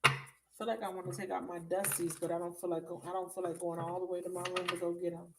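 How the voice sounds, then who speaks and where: A woman's voice: on the low side, flat delivery, fast talker, noisy background. A woman reading tarot for viewers on a live stream, chatty and blunt, swearing freely and calling them baby. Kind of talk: casual live reading chat. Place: at home.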